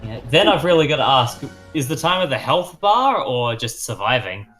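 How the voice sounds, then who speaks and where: A man's voice: medium pitch, very animated, moderate pace, over loud music. A man co-hosting a let's play, chatting casually and joking while asking about the game. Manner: joking, curious. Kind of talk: casual gameplay chat.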